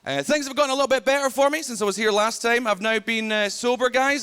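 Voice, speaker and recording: A young Scottish man doing a stand-up comedy set on a big theater stage, telling stories loudly and often laughing along. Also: very high-pitched, fast, clean tone. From Scotland. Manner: loud, punchy storytelling, often laughing along. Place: large theater stage before a live audience. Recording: broadcast stage mic, loud crowd laughter.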